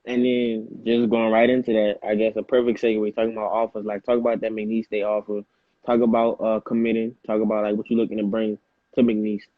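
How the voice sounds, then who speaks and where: A man's voice: on the low side, monotone, fairly quick, dry recording. A man interviewing a young athlete, asking questions casually and saying "like" and "for sure" a lot. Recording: dry, phone-like line.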